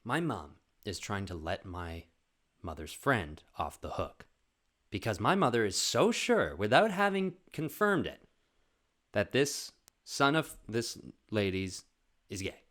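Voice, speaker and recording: A man's voice: lowish voice, big pitch swings, slow, a bit bright. A man hosting his own podcast, telling a funny family story in a rambling casual way, swearing and saying "like" a lot. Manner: rambling, swears, says "like" often. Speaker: podcast host.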